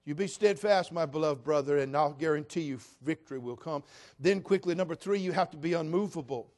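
A male pastor with a high voice delivers a storytelling sermon. He preaches in a folksy, animated way with plenty of humor, talking directly to the people in front of him. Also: fairly quick.

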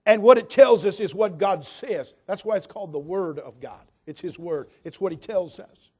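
An older man from California preaching a sermon in a slightly raised voice. He climbs to loud, emphatic peaks and then drops into quiet, low asides. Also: normal speed, breathy edge. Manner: swings from loud emphatic build-ups to soft, low asides.

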